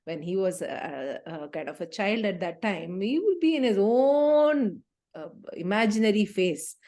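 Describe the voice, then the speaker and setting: A middle-aged woman with an Indian English accent, facilitating a parenting talk and acting out scenes from family life. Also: unhurried. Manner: animated storytelling, acts out scenes with sharp pitch jumps.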